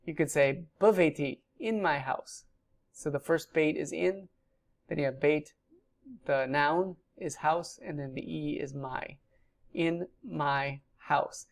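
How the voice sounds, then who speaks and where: A woman with a deep, low-pitched voice walks through a recorded grammar lecture. She explains each point patiently and steadily, with frequent ums as she talks it through. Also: measured pace, creaky. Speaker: Hebrew teacher.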